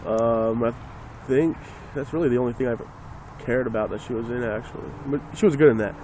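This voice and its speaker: A man's voice: mid-range voice, a little fast, darkish tone, a little hiss or hum. A man ranting casually and sarcastically into a phone, rambling and swearing as he talks. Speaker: vlogger.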